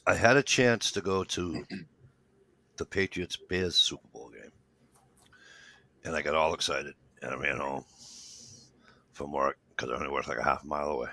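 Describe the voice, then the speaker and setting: Deep gravelly New man. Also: moderate pace, pauses often, dry recording. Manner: animated storyteller acting out dialogue, swears freely. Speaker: show regular. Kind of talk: casual chat, storytelling.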